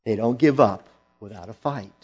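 A man preaching a sermon slowly and emphatically, rising to loud, forceful quoted lines. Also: lowish voice, breathy edge, dull audio.

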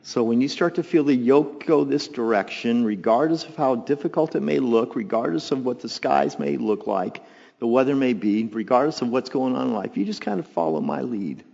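A man preaching a sermon, telling the story with lively asides and acting out the voices of the people in it. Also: normal speed, gravelly. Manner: animated storytelling, acts out voices with jumps in pitch and volume. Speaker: pastor. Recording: long hall reverb, dull lo-fi sound.

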